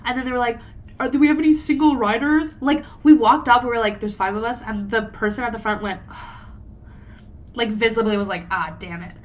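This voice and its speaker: A woman's voice: fairly high pitch, fairly even intonation, moderate pace. Young woman rambling through a story. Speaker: podcast co-host. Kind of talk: casual chat.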